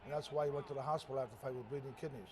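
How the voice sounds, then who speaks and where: A man's voice: mid-range voice, very fast, background noise. An older man, a retired boxer, telling old fight stories in a casual interview, rambling and correcting himself as he goes. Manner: rambling, self-correcting, chuckles at own stories.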